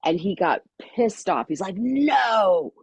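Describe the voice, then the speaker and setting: A middle-aged woman guest on a podcast, telling a personal story with lively energy and acting out the voices of people in it. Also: low-pitched, normal speed, husky, no room sound. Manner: lively storyteller who acts out quoted voices.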